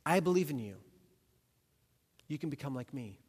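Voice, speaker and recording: A man voicing Jesus as a gentle, encouraging male teacher who offers repeated reassurance. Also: on the high side, expressive, moderate pace, husky. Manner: warm, repetitive reassurance. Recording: long hall reverb.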